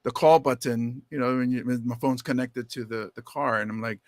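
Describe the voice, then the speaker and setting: A man co-hosting a podcast in casual chat, animated, with quick asides and teasing jokes. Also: mid-range voice, dry recording. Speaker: podcast co-host.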